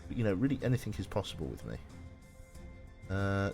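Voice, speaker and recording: A man's voice: on the low side, very animated, brisk, gravelly, long pauses, pushed and bright, soft background music. A young man chatting casually while streaming a game, rambling and swearing with lots of restarts. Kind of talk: casual live-stream chat.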